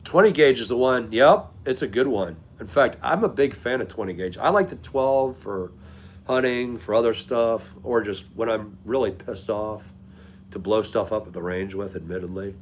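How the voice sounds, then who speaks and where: A man's voice: fairly low pitch, normal speed, a little hiss or hum. A man hosting a live stream, chatting casually and greeting viewers by name as he talks. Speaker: livestream host.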